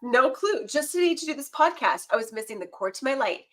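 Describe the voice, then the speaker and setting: A woman around forty, a podcast guest who tells lively stories in casual conversation and laughs often. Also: high-pitched, fairly quick, rough recording. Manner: animated storyteller, laughs often.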